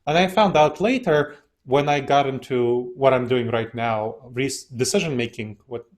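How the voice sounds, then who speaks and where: A man's voice: mid-range voice, moderate pace, a little mellow. Man in an interview, telling his story. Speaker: interview guest. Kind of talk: casual storytelling.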